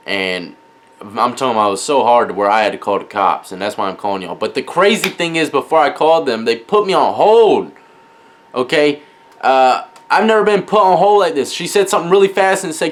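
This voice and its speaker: A man vlogging, telling a story to camera in an animated, slangy, dramatic way. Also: medium pitch, fairly quick. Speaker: gaming streamer and vlogger.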